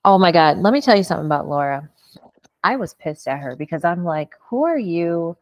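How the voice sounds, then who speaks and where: Woman, podcast host, blunt, expressive, very low voice, dry sound. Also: fast talker, no echo. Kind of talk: casual chat.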